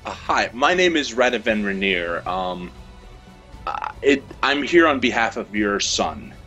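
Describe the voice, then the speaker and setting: A somber priest adventurer, played by a man, delivers his words in a halting, serious way. The voice is bright and forceful, with lively pitch. Faint music plays underneath.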